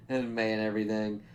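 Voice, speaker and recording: A man's voice: fairly low pitch, a little mellow, a little hiss or hum. A man giving a casual, rambling spoken review of a comic book. He swears freely, leans on fillers and acts out the characters' reactions. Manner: loose and rambling, full of fillers and swearing, acting out quoted reactions.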